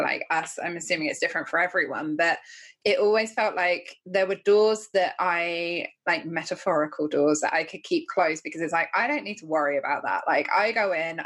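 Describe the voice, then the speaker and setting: A woman podcast host, reflective and agreeable in casual conversation. Her voice sits somewhat low for a woman. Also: a bit bright.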